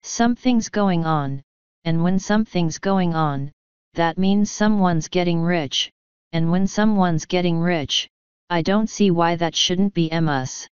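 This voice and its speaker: A woman's voice: lowish voice, darkish tone, clear, resonant tone, no room sound, lo-fi sound. Maurice, a sly scheming tomcat, voiced by a woman. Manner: wheedling, scheming, talks quickly in asides. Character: sly, smooth-talking male tomcat schemer. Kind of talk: audiobook character voice.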